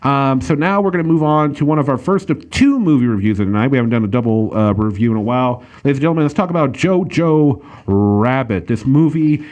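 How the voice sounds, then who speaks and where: A man's voice: mid-range voice, fairly quick, few pauses, darkish tone. A man hosting a casual podcast, reviewing a movie in a rambling way with lots of fillers and restarts. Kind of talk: casual chat.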